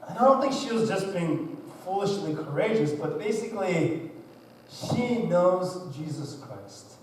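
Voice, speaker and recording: A higher-voiced man in his thirties preaches a sermon. He tells stories casually and acts out the quotes. He is caught from far off in a very echoey hall. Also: very animated, measured pace, darkish tone, slight background noise. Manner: conversational storytelling with acted-out quotes. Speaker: pastor. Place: church hall. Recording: distant mic in a very echoey hall.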